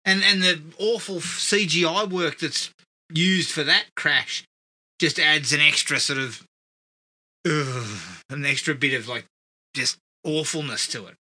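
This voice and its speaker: A man's voice: a little high, measured pace, sharp tone. A man co-hosting a casual film review podcast, swearing and laughing often.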